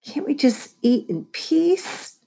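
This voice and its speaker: A weary, stern mother laying down the law, as a woman reads her part. The voice is a little husky and a touch higher than the reader's narration. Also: sing-song, measured pace, a little mellow. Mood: tired. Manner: tired, stern. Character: tired, stern mother of two squabbling kids.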